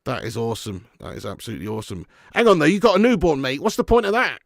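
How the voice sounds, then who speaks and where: A man's voice: mid-range voice, big pitch swings, rapid-fire, vocal fry, no echo, clean studio sound. A man hosting a live football watch-along, joking and laughing as he thanks viewers for super chats.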